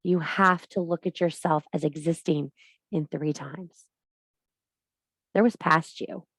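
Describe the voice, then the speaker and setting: Woman, lower register, spiritual teacher type, blunt and preachy. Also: steady tone, takes it slowly, fairly bright tone, no echo. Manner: blunt, emphatic, swears freely; preachy, addresses viewer directly. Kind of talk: spiritual monologue to camera.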